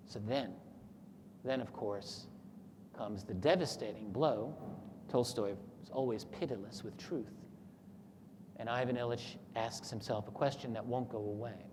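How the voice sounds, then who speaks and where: A man at a talk retells a story to his audience in an earnest, steady voice of middle pitch, now and then acting out the lines he quotes. The sound has a long hall reverb with faint noise under it. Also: unhurried. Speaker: speaker at a talk. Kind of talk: lecture with a story retold.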